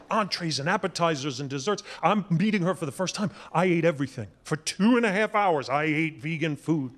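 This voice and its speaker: A man works a comedy club crowd in a high, bright register. He is wry and punchy, and he jumps into loud impressions for the punchlines. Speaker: stand-up comedian. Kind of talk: stand-up comedy set.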